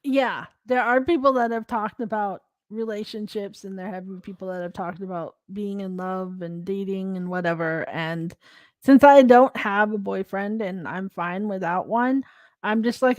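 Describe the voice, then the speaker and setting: A woman co-hosting a podcast in casual chat, rambling in a relaxed way and laughing often over a video call. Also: mid-range voice, normal speed, dry recording, clean studio sound. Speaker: podcast co-host.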